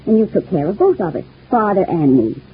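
Lovesick widow, 1940s radio soap, husky voice, lively swooping pitch, tinny old broadcast sound. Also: female voice, a little fast. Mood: confiding. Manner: gushing, wistful and intense. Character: clingy lovesick young widow.

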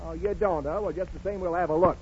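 A man's voice: sits high, fairly even intonation, slight background noise, natural voice. An actor playing a sarcastic young husband who quarrels with his wife, in 1930s radio acting. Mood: indignant. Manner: quick sarcastic retorts, theatrical. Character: bickering young husband, gruff then tender. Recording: muffled 1930s radio broadcast.

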